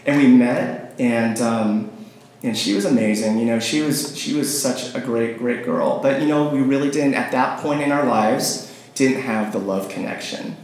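A man's voice: mid-range voice, normal speed, a little mellow. A man telling a rambling personal story, with many fillers and restarts, often laughing and acting out phone calls. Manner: acts out phone calls in quoted voices. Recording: very echoey room, faint noise.

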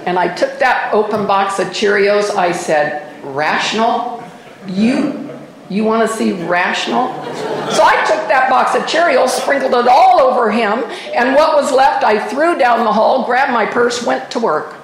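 A woman's voice: fairly high pitch, moderate pace, hardly any pauses, echoey room, low-quality recording. An older woman sharing her personal story at a recovery meeting, candid and self-mocking with wry humor. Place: meeting room. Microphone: microphone at a podium.

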